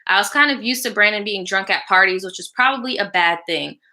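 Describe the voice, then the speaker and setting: Hosting a live show, a woman with a medium-pitched, pushed and bright voice reads a viewer's story aloud at a fairly quick pace. She then gives blunt, slangy advice, swearing often and casually chatting back to live viewers between lines.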